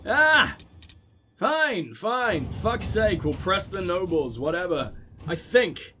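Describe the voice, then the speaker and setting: A man's voice: high voice, big pitch swings, slow, a bit bright, slight background noise. A man casually commentating a game he is playing, with crude, sarcastic, profanity-laced banter. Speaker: gaming video host. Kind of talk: casual let's play commentary.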